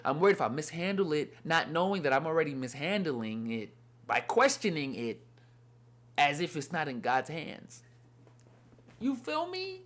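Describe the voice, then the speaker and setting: A man's voice: on the high side, fairly bright tone. A young man giving a casual, earnest Bible lesson, rambling and repeating "you know what I mean.". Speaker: Bible study teacher. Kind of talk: casual devotional talk.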